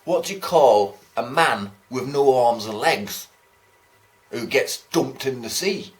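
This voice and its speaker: A man's voice: medium pitch, animated, slow. A man voicing an annoying man on a bus who keeps telling corny jokes, cheeky and pleased with himself. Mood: smug.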